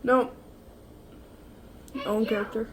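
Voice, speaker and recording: A woman's voice: a little high, level tone, slow pace. Woman chatting through a reaction video. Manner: casual, chatty remarks to herself and her dog. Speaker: host.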